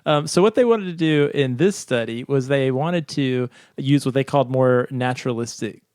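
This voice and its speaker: A man's voice: mid-range voice, moderate pace, a little mellow, no room sound, studio quality. Chatty man explaining a study. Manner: chatty, laughs often, reads scripts aloud. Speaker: podcast co-host. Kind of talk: casual chat explaining a study.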